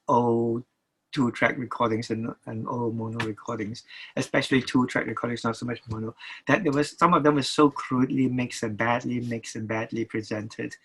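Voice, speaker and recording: Older man, husky and halting. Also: mid-range voice, a bit bright, rough recording. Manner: halting, many restarts and repeated words. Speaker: record label producer. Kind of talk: interview guest talk.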